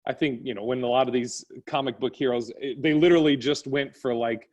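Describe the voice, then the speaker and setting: A middle-aged man in casual podcast conversation, drifting from one tangent to the next. He laughs easily and tells his stories in a loose, unhurried way, with his pitch sitting right in the middle. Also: fairly even intonation, a little mellow, dull audio. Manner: laughs often, rambling storytelling. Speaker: podcast host.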